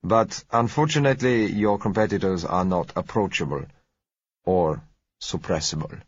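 A man voicing a polite South American oil dealer in an audiobook, with a gentle, unhurried, courteous manner. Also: sits low, breathy edge, no room sound, lo-fi sound. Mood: smooth, courteous.

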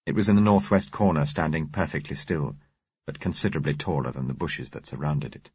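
Man, audiobook narrator, husky low voice, dry close sound, measured telling. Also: dry recording. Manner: measured, even storytelling. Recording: dull, muffled recording.

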